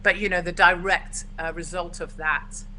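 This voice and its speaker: Brief: outspoken English woman guest, bright forceful voice, slightly low pitch. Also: steady tone, slight background noise, rough recording. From United Kingdom. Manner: forthright, brisk and opinionated. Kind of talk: casual video-call chat.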